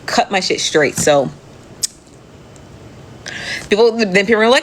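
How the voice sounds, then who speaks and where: Low-voiced woman, chatty and profane. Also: moderate pace, long pauses, a little hiss or hum. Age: adult. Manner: chatty, profane, laughs often, talks straight to viewers as "friend". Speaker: live show host reading viewer comments. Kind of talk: casual chat.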